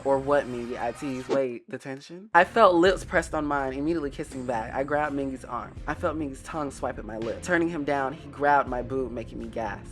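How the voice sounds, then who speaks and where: A man reading fanfiction aloud in a dramatic, comedic way, breaking off into sassy asides and laughter. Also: medium pitch. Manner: animated, exaggerated reactions, frequent laughter and sassy commentary.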